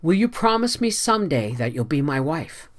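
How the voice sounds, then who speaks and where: A reader voicing an earnest young man in an audiobook, speaking quietly and steadily. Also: mid-range voice, sing-song, normal speed, natural voice. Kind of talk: audiobook character voice.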